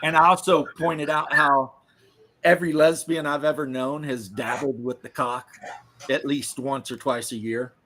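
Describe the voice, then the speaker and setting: A man's voice: medium pitch, steady tone, normal speed, bright, forceful tone. A man from the American South hosting a casual podcast chat, telling rambling, profane, joking stories. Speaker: podcast host.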